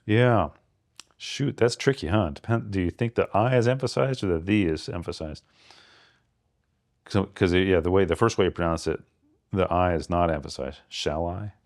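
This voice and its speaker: A man co-hosting a podcast, thinking aloud about poems and reading lines of verse slowly with careful stress. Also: sits low, darkish tone. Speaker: podcast co-host. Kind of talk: casual literary discussion.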